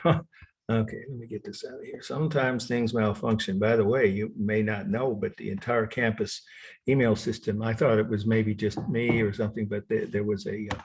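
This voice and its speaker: A man lecturing on art history over a video call, repeating definitions slowly and correcting himself. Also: on the low side, fairly even intonation, a little mellow, husky. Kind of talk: online lecture. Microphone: computer mic on video call.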